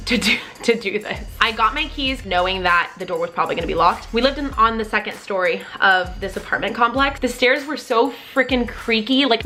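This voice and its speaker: A young woman casually telling a personal story to camera, candid and expressive, with plenty of "like" and the odd swear word. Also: on the high side. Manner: candid and expressive, with frequent "like" and profanity.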